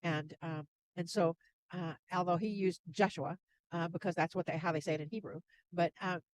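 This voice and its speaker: Gentle woman spiritual channel. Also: lowish voice, fairly even intonation, normal speed, a little hiss or hum, poor audio. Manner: gentle, laughs softly between thoughts. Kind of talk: casual interview chat.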